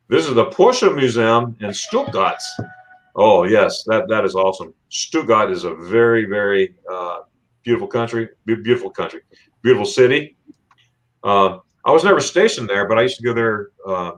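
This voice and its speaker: A man's voice: lowish voice, lively intonation, moderate pace, fairly bright tone. A man from Florida hosting a casual livestream, reading out viewer comments in a rambling, chatty way with plenty of fillers and restarts. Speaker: livestream host.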